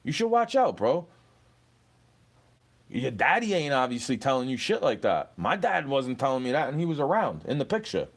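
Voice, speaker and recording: A man's voice: medium pitch, big pitch swings, moderate pace. Profane young man ranting at a troll. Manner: profane, confrontational, repeats "bro". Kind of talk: angry rant at a commenter.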